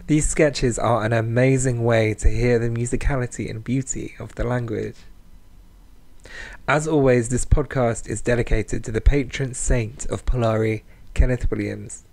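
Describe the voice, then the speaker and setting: A man's voice: mid-range voice, steady tone, moderate pace, gravelly, a little mellow. A man hosting a playful slang language lesson as a podcast, with a camp, sing-song and cheeky delivery. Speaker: language teacher, podcast host.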